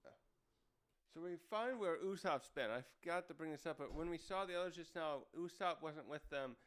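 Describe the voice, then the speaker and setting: A man's voice: on the high side, a little fast, a bit bright, clear, resonant tone. A man reviewing a comic chapter in casual chat, rambling with many fillers and restarts. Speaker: manga reviewer.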